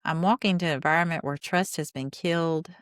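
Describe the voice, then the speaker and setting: An opinionated woman with a low voice and smooth, clear tone talks through a reality show recap. She retells scenes line by line and adds blunt, sarcastic asides. The sound is dry and close, with no room around it. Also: brisk, no echo. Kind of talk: casual recap commentary.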